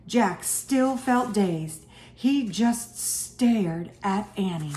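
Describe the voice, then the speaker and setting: Woman teacher for a read-aloud, slow and animated, in an echoey room. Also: medium pitch. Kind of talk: reading a chapter book aloud to students.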